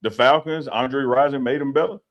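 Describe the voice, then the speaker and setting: A man co-hosting a casual sports talk show, animated and opinionated, repeating himself as he makes his point. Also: medium pitch, fairly quick. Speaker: co-host.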